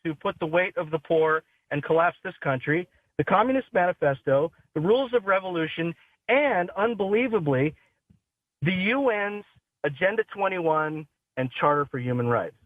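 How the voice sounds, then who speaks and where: Man, caller, preachy emphatic delivery, high-pitched, dry phone line. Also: animated, moderate pace, dry recording. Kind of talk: phoned-in talk radio call.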